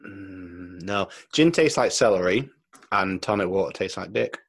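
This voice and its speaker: A man's voice: sits low, expressive, measured pace, gravelly, breathy edge. A man co-hosting a podcast, chatting casually and telling jokey stories, swearing freely and laughing often. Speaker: podcast co-host. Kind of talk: casual banter.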